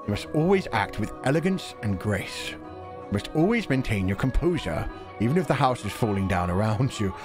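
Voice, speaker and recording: A man voicing a stern, eccentric retired old British gentleman with a gruff, clipped, scolding delivery. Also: fairly low pitch, sing-song, moderate pace, music in the background. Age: older.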